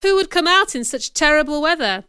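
A woman reading aloud, voicing a blind older gentleman with gruff, urgent questions in a bright, clear voice. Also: high voice, slow, dry recording, clean studio sound.

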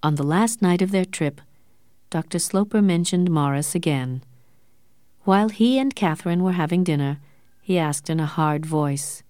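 Woman audiobook narrator, low-pitched, dry close recording, steady and clear. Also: moderate pace, no room sound.

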